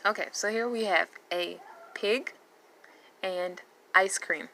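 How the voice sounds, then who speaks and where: A woman's voice: medium pitch, slow, bright, forceful tone, slight background noise. A woman teaching a phonics lesson, patiently repeating letter sounds and words. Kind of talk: slow phonics lesson for learners.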